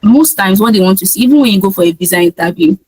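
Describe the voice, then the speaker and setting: A woman's voice: medium pitch, rapid-fire, a little mellow, slightly rough, no echo, low-quality recording. Nigerian woman coaching exam students. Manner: emphatic, acts out examiner and sample answers. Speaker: IELTS tutor. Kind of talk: speaking-test coaching lesson.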